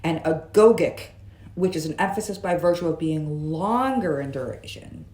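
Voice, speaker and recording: A woman's voice: low voice, animated, normal speed, darkish tone. A woman vlogging in a chatty, musing way, with jokey asides, talking from her room. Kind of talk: casual vlog monologue. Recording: roomy echo.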